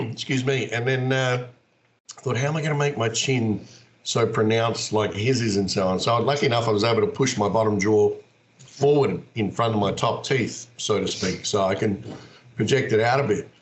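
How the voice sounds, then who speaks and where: Aussie guest, middle-aged man, lowish voice, lively storyteller, faint room hum. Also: moderate pace. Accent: Australian. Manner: animated, acts out quoted voices. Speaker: guest, wrestler and actor. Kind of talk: casual storytelling.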